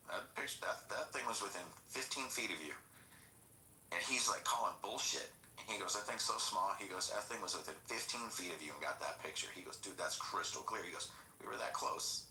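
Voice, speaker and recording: Deep, bright-toned man telling a rambling story. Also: brisk. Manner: rambling, animated storytelling with crude quoted dialogue. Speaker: podcast host. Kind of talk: casual storytelling chat. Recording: roomy echo, faint background noise.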